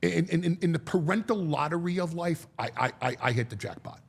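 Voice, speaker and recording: A man talking as a guest, telling a story in a lively way, acting out quotes and often restarting his sentences. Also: a little high, creaky, slightly rough. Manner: animated storyteller, acts out quotes, halting restarts. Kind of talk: storytelling chat.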